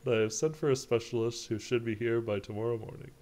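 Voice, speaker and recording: A man voicing a calm, professional male rat doctor from a game, speaking in a measured way. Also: mid-range voice, lightly acted.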